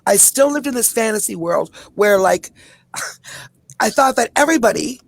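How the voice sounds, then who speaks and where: A woman in her forties from Canada, a publicist and activist talking in a passionate podcast conversation with quick, emphatic run-on asides. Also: on the high side, lively intonation, gravelly, no echo. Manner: rapid, emphatic, run-on storytelling with many asides.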